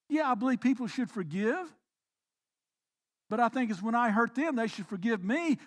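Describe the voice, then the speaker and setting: A man pastor preaching a sermon, swinging between quiet reflective passages and emphatic, raised exhortations. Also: extremely high pitch, expressive, normal speed. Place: church.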